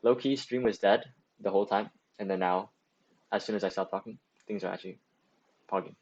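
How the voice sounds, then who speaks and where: Young guy streaming, lowish voice, says like a lot, restarts sentences, kinda muffled lo-fi mic. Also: fairly even intonation, brisk, darkish tone, slightly rough. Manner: rambling, full of "like" and restarts; reads and answers chat. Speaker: student club streamer. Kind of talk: casual livestream talk giving advice.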